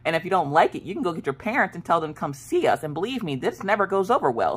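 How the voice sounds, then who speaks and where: A woman in her late thirties, a crafting vlogger, telling a story in casual chat with a sassy, animated manner and acted-out quotes. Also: on the low side, quick pace, few pauses, slightly rough. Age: 30s.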